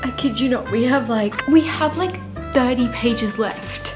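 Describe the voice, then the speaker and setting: A woman's voice: fairly high pitch, a little slow, music in the background. A young woman vlogging about books in a casual, rambling way, openly emotional and gushing about what she reads. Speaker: book vlogger. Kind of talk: casual reading vlog.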